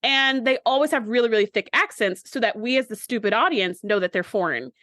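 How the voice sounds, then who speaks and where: A woman's voice: fairly high pitch, fairly quick, fairly bright tone, no echo, studio quality. A woman co-hosting a podcast, recapping an episode in casual chat, opinionated and quoting characters as she goes. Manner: talkative, opinionated, quotes characters. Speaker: podcast co-host.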